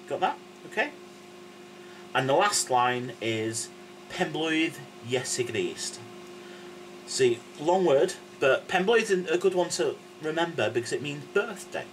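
Slow, patient male teacher. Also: mid-range voice, big pitch swings, slight background noise, poor audio. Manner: patient, checks in constantly with "yeah?"; playful, jokey asides. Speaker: language and singing teacher. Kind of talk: casual video lesson.

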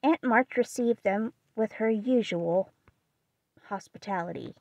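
A woman narrating a classic novel as an audiobook in a steady, measured reading. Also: on the high side, dry recording. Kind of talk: scripted narration.

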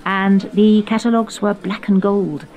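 An older woman from England, hosting her own podcast and recounting her youth in an animated, storytelling way with playful quoted voices. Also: mid-range voice, moderate pace, slight background noise. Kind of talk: reminiscing conversation.

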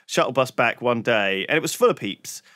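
A podcast co-host tells a long story in casual chat, swearing freely. His mid-range voice is fairly bright with lively intonation and a fairly quick pace, in clean studio sound with no room sound.

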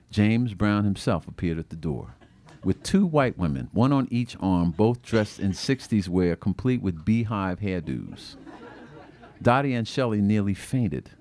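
A man, an author, reading aloud from his own book at a bookstore event, expressive and acting out the quoted voices. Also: on the low side, unhurried.

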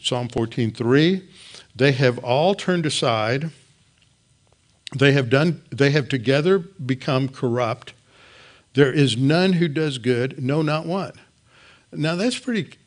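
Earnest male Bible teacher. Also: mid-range voice. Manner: earnest, repeats words for emphasis, restarts. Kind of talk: recorded Bible lesson.

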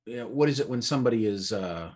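A man's voice: mid-range voice, lively intonation, fast, a little mellow. A man co-hosting a casual movie review chat, rambling and searching for words with lots of fillers. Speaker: podcast co-host.

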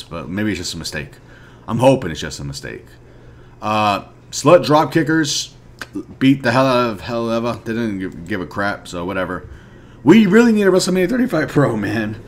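A young man who creates mobile game videos offers casual commentary on a card game, ranting in frustration and swinging between mumbled asides and loud outbursts. His lowish voice moves at a moderate pace with big pitch swings.

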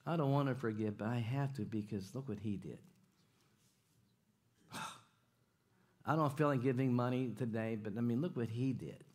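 A man preaching in a church at a middle pitch, trading jokes and stories with his congregation. He talks in an animated way, often doubling his phrases and throwing questions out to the room. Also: moderate pace, pauses often. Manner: animated, jokey, repeats himself, audience call-outs. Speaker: guest preacher. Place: church sanctuary.

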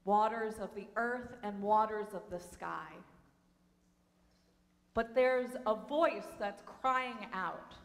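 A woman rabbi giving a sermon in a synagogue sanctuary, telling a legend in a measured, lyrical storytelling style. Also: mid-range voice. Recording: reverberant sanctuary hall.

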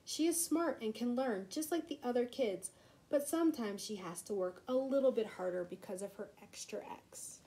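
A woman reading a children's storybook aloud in a gentle, expressive way. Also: a little high, normal speed, slight background noise, poor audio. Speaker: reader.

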